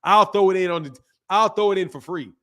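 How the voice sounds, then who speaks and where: High-voiced guy w/ aave running a boxing stream, blunt n profane, laughs a lot. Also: a little fast. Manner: blunt, profane, laughs often, animated asides. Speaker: boxing channel host. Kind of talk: casual livestream chat reading viewer comments.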